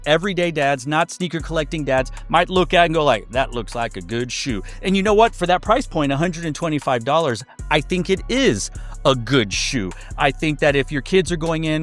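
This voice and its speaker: A man's voice: fairly high pitch, a bit bright. A man giving a casual sneaker review, chatty and loose, with many fillers and restarts.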